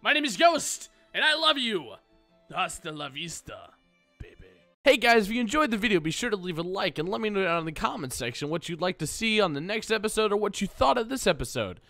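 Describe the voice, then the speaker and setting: A man's voice: high voice, expressive, quick pace, few pauses, pushed and bright, faint music behind. A young man rambling through Minecraft commentary as a gaming YouTuber, full of self-mocking jokes. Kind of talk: casual Minecraft let's play commentary.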